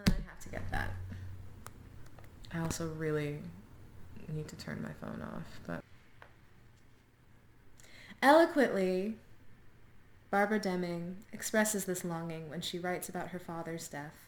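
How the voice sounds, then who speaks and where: Slow, joking young woman. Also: lowish voice, very animated. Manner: chatty, joking asides between readings. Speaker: vlogger reading a book aloud. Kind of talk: casual vlog with read-aloud passages. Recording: echoey home room, faint background noise.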